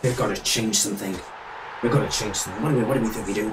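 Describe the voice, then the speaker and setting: A young British man giving excitable, cheeky live commentary on a football video game, with game music behind him. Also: medium pitch, rapid-fire. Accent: British English. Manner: excitable, shouting and cheeky trash talk. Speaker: gaming YouTuber.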